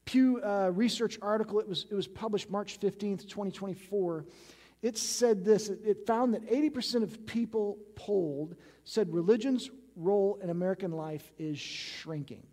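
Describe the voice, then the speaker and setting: High-voiced male pastor in echoing hall. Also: normal speed, dark tone. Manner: casual, frequently adds tag questions like "right?". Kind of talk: conversational sermon. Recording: long reverb of a large hall.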